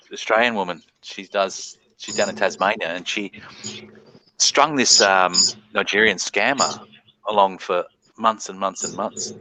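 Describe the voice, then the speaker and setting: A man's voice: fairly low pitch, sharp tone, a little hiss or hum, low-quality recording. A man hosting a casual live-stream panel chat, telling profane stories and laughing as he talks. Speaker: panel host.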